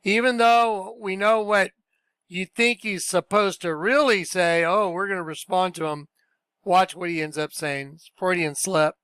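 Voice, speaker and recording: A man's voice: high-pitched, fairly even intonation, a little slow, a bit bright, smooth, dry recording. A man commenting on video clips in a casual, emphatic and scornful way.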